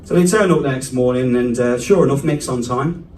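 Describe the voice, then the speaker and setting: A man's voice: mid-range voice, fairly quick, a little mellow. A male stand-up comedian telling a rambling family story on a club stage, chatty and self-interrupting. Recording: echoey club room from a distance.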